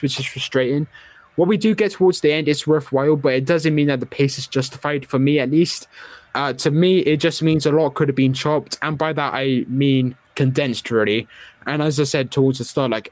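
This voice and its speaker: Male podcast host, casual and jokey, slightly higher voice, dry recording. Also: dry recording. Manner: chatty, jokey, opinionated. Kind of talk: casual film review chat.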